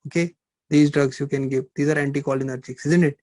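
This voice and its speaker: A man's voice: fairly high pitch, steady tone, fast talker, a little mellow, dry recording, rough recording. A middle-aged male pharmacology lecturer, teaching a live online class, repeating points and firing rhetorical questions at students. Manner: repetitive, asks rhetorical questions, teasing.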